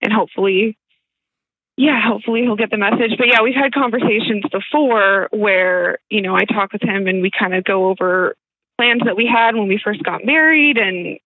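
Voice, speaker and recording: A woman's voice: medium pitch, moderate pace, a little hiss or hum. Hesitant woman caller on a tinny phone line. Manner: hesitant, many fillers and restarts. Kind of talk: phone-in conversation.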